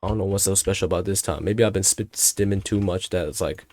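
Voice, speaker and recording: Teen guy rambling about school, kinda low voice, swears a lot, super casual. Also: fast talker, darkish tone. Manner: slangy and profane, rambling with restarts. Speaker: student storyteller. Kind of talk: casual storytelling monologue.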